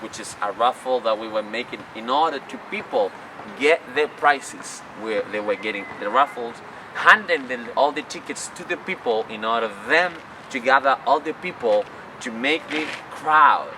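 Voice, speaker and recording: Out on a noisy city street, a Chilean tourist guide applying for a job chats and rambles through stories for the camera in English, his native Spanish showing in his phrasing. His mid-range voice is animated and moves at a normal speed. He's picked up by a far-away mic over heavy traffic noise.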